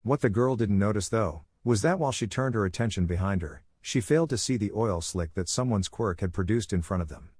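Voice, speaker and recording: Low-voiced man narrating a story. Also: a little fast, hardly any pauses, slightly rough, dry recording. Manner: steady storytelling. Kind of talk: scripted audiobook narration.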